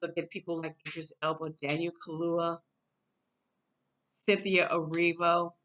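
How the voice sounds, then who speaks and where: A woman vlogger from the United States talks to camera in a loose, musing way, with fillers and the odd laugh. Her voice sits a little low and she takes her time. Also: level tone, a little slow, fairly bright tone, slight background noise. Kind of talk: casual commentary to camera.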